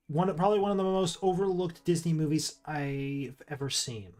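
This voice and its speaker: A man's voice: fairly high pitch, fairly even intonation, normal speed, darkish tone, faint music behind. A man streaming casual commentary while ranking movies, rambling with restarts and asides.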